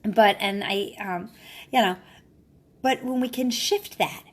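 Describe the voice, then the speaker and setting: Chatty encouraging mom, "right?" tag. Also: female voice, mid-range voice, slow pace. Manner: chatty, ends phrases with a questioning "right?"; earnest and encouraging. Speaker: mother and wellness speaker. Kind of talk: casual live-video talk to followers.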